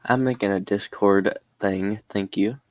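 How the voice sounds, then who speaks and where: A man's voice: on the low side, steady tone, a little slow, no echo. A man answering in a casual, offhand and slightly drowsy way. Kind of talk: casual chat.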